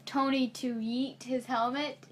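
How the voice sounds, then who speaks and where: A woman's voice: high-pitched, little pitch movement, measured pace. A young woman chatting casually about a movie, playful and prone to trailing off. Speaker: movie fan co-host. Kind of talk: casual chat.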